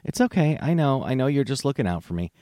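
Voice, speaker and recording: A man hosting a comedy podcast, animated and laughing, with casual swearing. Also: mid-range voice, quick pace, no room sound. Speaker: podcast host.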